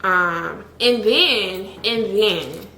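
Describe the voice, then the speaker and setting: A woman's voice: mid-range voice, extremely slow, pushed and bright, slight background noise. A young adult woman telling a candid storytime, blunt and chatty, with frequent "like". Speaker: vlogger. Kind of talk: storytime vlog. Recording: echoey room.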